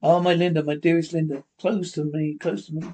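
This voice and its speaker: A man's voice: a little high, little pitch movement, fairly quick, dark tone, natural voice. A man reading the part of a nervous, secretive husband who keeps repeating himself anxiously. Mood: tense.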